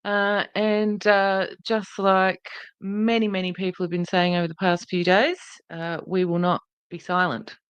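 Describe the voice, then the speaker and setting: A woman's voice: medium pitch, level tone, a little slow, clean tone, no echo, highs cut off. A woman hosting a podcast livestream in a casual, chatty way, greeting viewers by name and speaking earnestly and indignantly. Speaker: podcast host.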